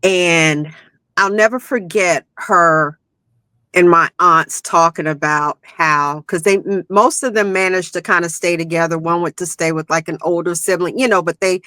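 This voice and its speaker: A woman's voice: lowish voice, steady tone, moderate pace, pushed and bright, no room sound. A woman from South Carolina, telling personal stories as a podcast guest in a reflective, heartfelt way. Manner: reflective, heartfelt, many "you know"s. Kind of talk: emotional personal storytelling.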